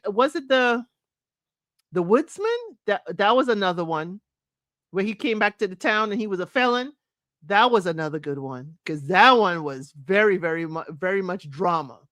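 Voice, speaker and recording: A woman's voice: medium pitch, a bit bright, no room sound. A woman hosting a casual solo talk show, chatting to listeners as y'all and breaking into sung lyrics. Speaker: podcast host.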